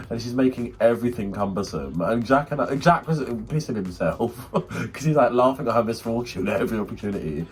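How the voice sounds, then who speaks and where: Young male co-host, animated raconteur, swings his pitch. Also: fast, hardly any pauses, slight background noise. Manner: animated storyteller, acts out friends in squeaky voices. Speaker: podcast co-host. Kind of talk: casual chat.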